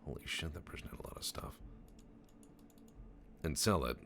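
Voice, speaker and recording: A man's voice: very deep voice, lively intonation, moderate pace, a bit bright, slight background noise. A young adult man giving casual, profane, joking commentary over a game he is playing, rambling into stories. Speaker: gameplay commentator. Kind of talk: casual let's-play commentary.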